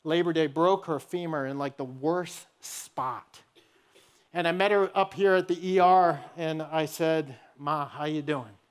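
A pastor preaching a sermon in an earnest, storytelling way. His voice sits high for a man. He talks to the congregation directly and walks them through a personal story. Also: measured pace, smooth.

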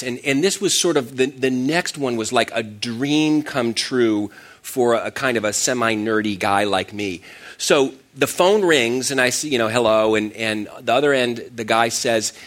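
A man's voice: medium pitch, normal speed, fairly bright tone. A middle-aged man preaching a sermon, telling a personal story in a self-deprecating way with frequent restarts. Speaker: pastor.

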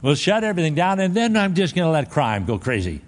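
A man voicing God as a sardonic deity calmly laying out a grim plan, in a deadpan, matter-of-fact way. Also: on the high side, fast talker. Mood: wry.

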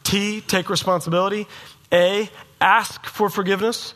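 Emphatic preaching man, higher voice. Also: little pitch movement, normal speed, a bit bright. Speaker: pastor. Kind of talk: sermon.

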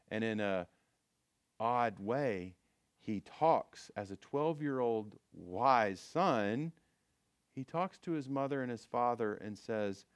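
A man's voice: mid-range voice, lively intonation, takes it slowly, smooth, no room sound, clean studio sound. A man pastor giving a conversational sermon, with frequent restarts and fillers.

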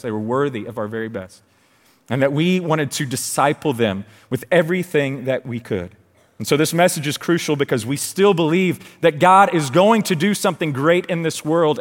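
Energetic male preacher, 30s, storytelling sermon, live church hall reverb. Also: a little high. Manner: excited, storytelling, quick asides. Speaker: children's ministry leader. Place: large church stage.

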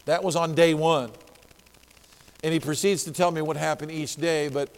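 A man telling a story in an earnest, spoken manner, rising to loud, emphatic quotes. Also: on the high side, steady tone, normal speed, big-room sound. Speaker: ministry speaker telling a story.

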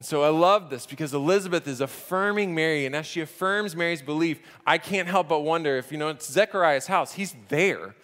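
Guy preaching from a church stage, chatty and animated, kinda high voice, lots of hall echo. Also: fairly quick, few pauses. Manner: conversational and animated, acting out the scripture scenes. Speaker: pastor. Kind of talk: sermon. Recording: echoey hall reverb.

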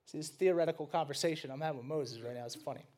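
High-voiced animated male preacher. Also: racing. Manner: animated, dramatic storytelling. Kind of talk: sermon.

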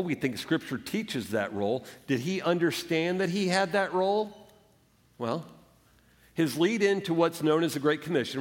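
A male pastor delivers an earnest sermon in a slightly raised voice. He now and then acts out the doubts of his listeners and the gentle words he puts in Jesus' mouth. The recording carries the long reverb of a church hall. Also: fairly high pitch. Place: church sanctuary.

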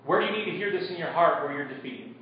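A man's voice: on the high side, lively intonation, fast, slight background noise. A male pastor preaching a sermon in a conversational way, acting out Bible characters and putting questions to the congregation. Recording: echoey room from far off, dull sound.

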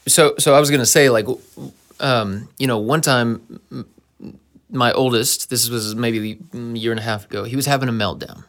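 A man's voice: mid-range voice, moderate pace, a bit bright. A man in a casual conversation, telling stories in an earnest, anecdotal way.

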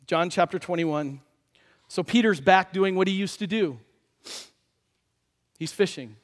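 A pastor gives a sermon, relating the story in a spirited way while voicing its characters. He speaks in a higher register, and the recording has a big-room feel.

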